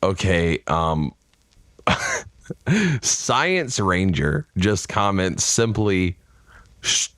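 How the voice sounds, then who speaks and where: A young man co-hosting a casual podcast, rambling through jokes and laughing loudly. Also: sits low, sing-song, drawn-out words, pauses often, no room sound, studio quality. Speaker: podcast co-host.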